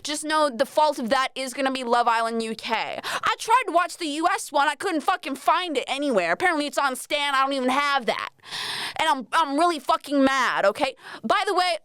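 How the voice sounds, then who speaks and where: Here a young Australian podcast host talks on her own, animated and fairly quick, her high voice a bit bright. She rambles, jokes at her own expense and swears freely, all in a dry, studio-quality recording.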